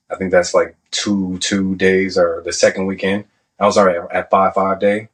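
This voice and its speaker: Profane low-voiced man telling war stories. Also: moderate pace, poor audio. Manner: profane, animated, acts out quotes. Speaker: Navy veteran guest. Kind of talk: casual storytelling.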